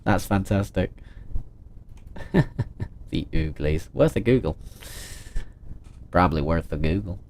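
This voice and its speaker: A man's voice: low-pitched, expressive, slow, pauses often, a little mellow, a little hiss or hum. Chatty playful man streaming. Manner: chatty and playful, reads chat aloud and reacts with jokes. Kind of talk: casual livestream chat.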